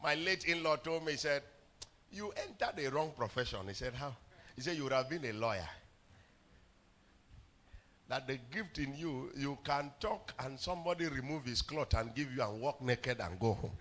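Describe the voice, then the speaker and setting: A male pastor delivers a sermon in storytelling fashion. His bright, forceful voice swings widely in pitch, climbing into loud shouts at the peaks. He often stammers and repeats words. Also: animated, moderate pace. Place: church hall.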